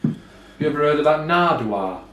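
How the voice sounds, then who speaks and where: A man, co-hosting a podcast, retelling a story quickly in slang. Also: a little high, lively intonation, reverberant, far from the mic, background noise. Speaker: podcast co-host. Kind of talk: casual chat.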